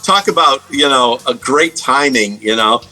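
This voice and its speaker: Bright-voiced man telling rambling stories. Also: mid-range voice, a little slow, soft background music, rough recording. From United States. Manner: rambling, lots of fillers and restarts. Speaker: guest guitarist. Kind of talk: casual storytelling interview.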